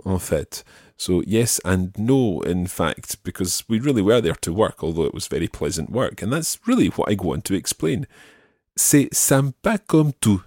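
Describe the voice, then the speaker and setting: A man hosting a language lesson, repeating model phrases slowly and explaining them patiently. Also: fairly low pitch, a little mellow, no echo, clean studio sound. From Scotland. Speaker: language teacher and podcast host.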